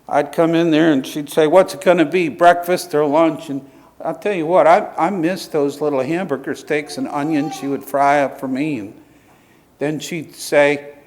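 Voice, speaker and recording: A male pastor delivers his sermon in a relaxed, conversational way, unhurried and slightly high-pitched. He tells warm personal stories and acts out the voices of the people in them. He moves from anecdote to earnest prayer. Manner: conversational storytelling preacher, quick bursts and lively quoted voices.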